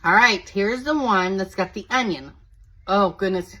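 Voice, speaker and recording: A woman's voice: mid-range voice, normal speed, pushed and bright, rough recording. A woman hosting a casual home cooking video, chatting to viewers as she walks them through each step.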